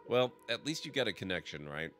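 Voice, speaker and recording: A man's voice: fairly low pitch, very animated, brisk, a bit bright. A man streaming a game and chatting with his viewers in a friendly, chatty way. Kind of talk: live game stream chat. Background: music.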